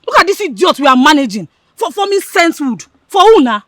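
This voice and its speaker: A woman's voice: sits high, very animated, a little fast, a bit bright, no echo. A woman with a Nigerian accent, playing a spiteful, scheming young woman who talks with scorn and indignation. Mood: scornful. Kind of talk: Nollywood film acting.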